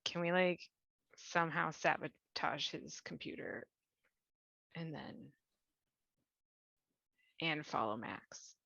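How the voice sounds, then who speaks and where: A woman's voice: sits low, animated, slow pace, gravelly, pauses often, bright, forceful tone, no echo. A woman playing in a tabletop game, musing aloud and letting her sentences trail off. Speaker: player. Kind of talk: casual chat in a tabletop game. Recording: dull, muffled mic.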